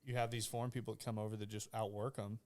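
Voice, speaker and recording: A young man hosting a podcast, chatting casually and riffing with quick opinions. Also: fairly low pitch, little pitch movement, a little mellow. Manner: quick and opinionated, talks in run-on riffs. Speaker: podcast host.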